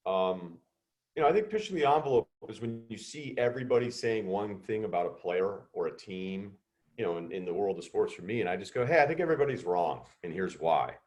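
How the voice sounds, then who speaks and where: Lively man telling a story. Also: deep voice. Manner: animated, acts out quoted voices. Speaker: guest speaker. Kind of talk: storytelling to students.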